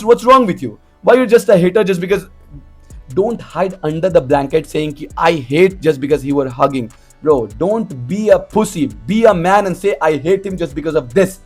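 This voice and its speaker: A man's voice: sits high, a little fast, soft background music. A man delivering a blunt, profane, confrontational vlog rant as an MMA commentator. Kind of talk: ranting vlog monologue.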